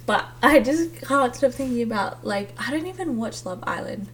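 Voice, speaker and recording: A woman's voice: on the high side, lively intonation, normal speed. A young woman hosting a casual solo podcast, chatty and giggly with lots of ums and likes. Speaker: podcast host. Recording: distant mic with faint hum.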